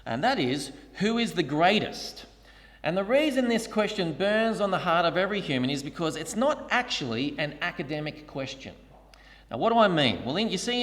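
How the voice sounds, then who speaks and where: A lively male preacher delivers a sermon with a high, animated voice. The long reverb of a church hall trails behind every phrase. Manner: storytelling, acts out voices in quotes. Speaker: pastor.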